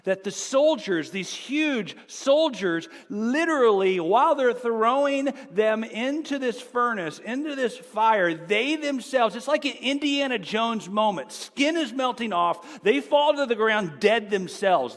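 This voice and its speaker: A male pastor preaching a sermon, telling a story with animation, swinging between excited shouts and quiet asides. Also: very high voice, unhurried, hardly any pauses, long reverb tail.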